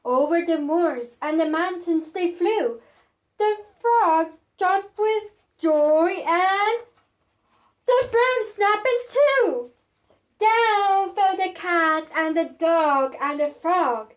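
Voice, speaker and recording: High-voiced, very slow woman reading a story. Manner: sing-song and expressive. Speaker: children's storyteller. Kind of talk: reading a picture book aloud to children.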